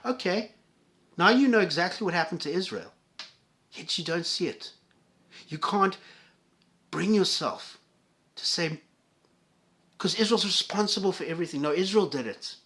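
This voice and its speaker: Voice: medium pitch, lively intonation, normal speed, pauses often, fairly bright tone. A vlogger delivering an angry, profane solo rant to viewers, with heated stammering restarts.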